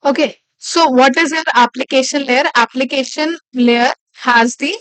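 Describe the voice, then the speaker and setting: A woman with a high voice teaches a live online class, walking through each point step by step. She repeats key phrases and keeps checking in with "okay". The sound is close and dry, with no room around it. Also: normal speed, a bit bright, no echo. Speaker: instructor.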